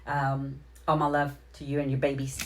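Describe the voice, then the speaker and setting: Low-voiced woman hosting a chatty livestream. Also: monotone, moderate pace. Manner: effusive, rambling, repeats her thanks; heartfelt, near tears at moments. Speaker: livestream host. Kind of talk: casual live-stream shout-outs to viewers.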